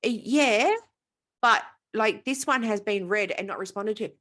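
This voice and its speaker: A woman co-hosting a podcast, chatting casually and venting in an animated, exasperated way, swearing freely. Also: mid-range voice, unhurried. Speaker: podcast co-host. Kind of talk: casual chat.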